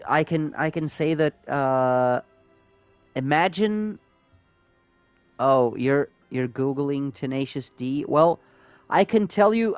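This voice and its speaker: A man's voice: mid-range voice, smooth, no echo. A man streaming a game live, chatting casually and rambling with his chat. He swears freely as he plays.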